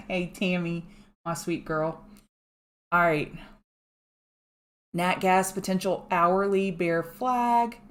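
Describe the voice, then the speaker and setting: A woman giving fast, chatty live chart commentary from home and thanking viewers by name. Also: fairly low pitch, steady tone. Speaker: market analyst host. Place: home room.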